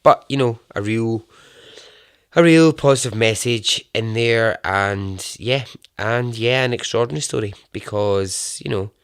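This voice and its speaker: A man's voice: medium pitch, moderate pace, clean tone, no echo, clean studio sound. A man hosting a podcast, signing off in a loose, chatty ramble with some swearing. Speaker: podcast host. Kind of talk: casual rambling sign-off.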